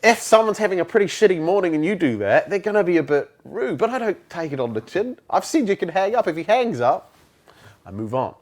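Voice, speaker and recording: A man's voice: sits high, big pitch swings, brisk. A man, a sales trainer talking bluntly in an interview and acting out phone calls. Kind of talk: conversational interview.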